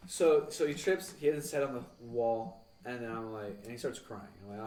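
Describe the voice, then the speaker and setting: A man's voice: mid-range voice, fast talker, few pauses, darkish tone. A young man, a podcast co-host, telling rambling, profane stories about school and acting out the people in them. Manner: rambling, swears, acts out quoted people. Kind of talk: casual storytelling. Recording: echoey room, mic at a distance.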